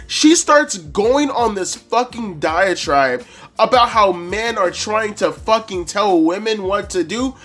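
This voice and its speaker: Profane, animated man telling a story. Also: high voice, slow, soft background music. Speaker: YouTube wrestling reviewer. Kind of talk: casual storytelling rant.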